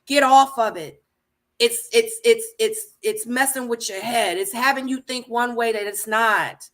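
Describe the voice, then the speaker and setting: Brief: a fairly high-voiced female host, emphatic and ranting, with lots of repetition in a casual recap. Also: unhurried, a bit bright. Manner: emphatic, ranting, repeats her points. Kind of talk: casual reality-show recap commentary.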